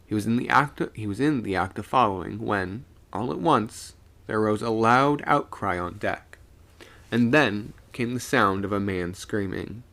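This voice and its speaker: A man's voice: lowish voice, measured pace, gravelly, a bit bright. A man streaming live, reading a ghost story aloud and voicing its characters.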